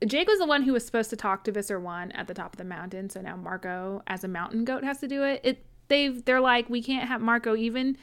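A woman's voice: mid-range voice, lively intonation, fast talker, few pauses. A woman co-hosting a podcast in casual chat, recapping a book with frequent laughs and acted-out quotes. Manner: chatty, laughing often, acts out characters' lines in retelling.

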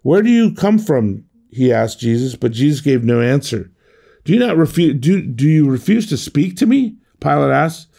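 A man's voice: mid-range voice, lively intonation, moderate pace, creaky, mellow. A middle-aged man giving an earnest sermon as a pastor, often restarting and repeating words as he goes.

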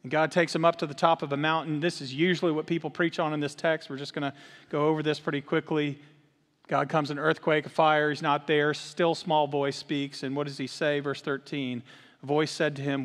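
A man's voice: fairly high pitch, a little fast. Man preaching in a reverberant church. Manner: animated when telling stories, earnest in prayer. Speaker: lead minister. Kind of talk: sermon with storytelling. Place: church sanctuary. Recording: long hall reverb.

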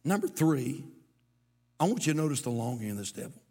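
A man's voice: a little high, sing-song, a little fast, dark tone. A middle-aged man, preaching a sermon as pastor, moving from folksy storytelling to emphatic preaching. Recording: long hall reverb.

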